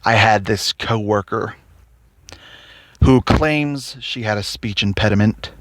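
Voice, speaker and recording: A man's voice: fairly low pitch, takes it slowly, dry recording. A man hosting a podcast, ranting angrily and sarcastically, swearing nonstop while driving his car. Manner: angry, cursing constantly, sarcastic. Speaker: podcast host. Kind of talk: profane ranting monologue. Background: faint road and traffic noise.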